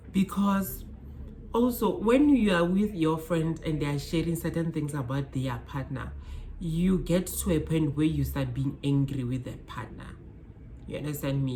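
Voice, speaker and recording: A woman's voice: sits low, a little hiss or hum. A young South African woman vlogging to camera, giving casual advice in an emphatic, repetitive way and addressing her viewers directly. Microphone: phone camera mic.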